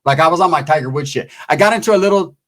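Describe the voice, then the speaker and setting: Brief: male stand-up comic, raunchy rambling storyteller, slightly raised pitch. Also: very fast. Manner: crude, rambling, tags lines with "right?"; acts out voices of people in the story. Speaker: stand-up comedian.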